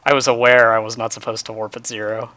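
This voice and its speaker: A man's voice: mid-range voice, little pitch movement, fast, pushed and bright, dry recording. A man chatting casually with friends while livestreaming a game, laughing often and poking fun at himself. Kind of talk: casual gaming chat.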